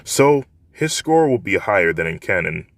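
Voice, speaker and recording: A man's voice: low voice, big pitch swings, normal speed, vocal fry, no room sound. A man narrating a fan fiction story in a plain, unpolished storytelling way, with frequent restarts.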